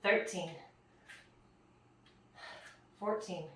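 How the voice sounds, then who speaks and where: A winded woman leads a workout, counting each rep and urging the listener on at an unhurried pace. She is heard from across a very echoey room. Her voice sits at an ordinary pitch. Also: fairly even intonation, a little hiss or hum. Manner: counts reps aloud, encouraging. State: out of breath. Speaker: fitness instructor. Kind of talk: home workout coaching. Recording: very echoey room, mic far off.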